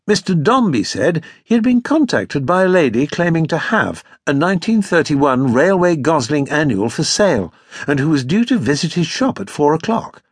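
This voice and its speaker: A man's voice: on the high side, slightly rough, no echo. A man narrating a detective novel in the first person, polite and mild in his dialogue, on a close studio mic. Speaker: audiobook narrator.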